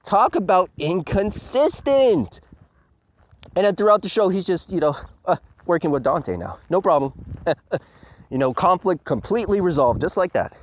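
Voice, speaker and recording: A man ranting in a review commentary, swearing freely and padding his lines with fillers. His voice sits a bit high and swings wildly in pitch, from low mutters to loud yelps. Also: big pitch swings, moderate pace. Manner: profane, ranting, full of fillers.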